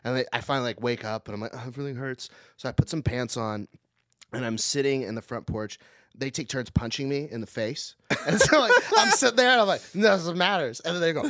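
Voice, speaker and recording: A man's voice: mid-range voice, fast, no room sound, clean studio sound. A man co-hosting a podcast, telling a wild story in casual chat, laughing often and acting out the other people in it. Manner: animated, laughing often, acts out voices in stories. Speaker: podcast co-host.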